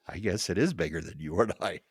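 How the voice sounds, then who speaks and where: A man telling a deeply personal story as a podcast guest, earnest and halting, often repeating words as he restarts. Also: sing-song, gravelly, breathy edge, no echo, clean studio sound.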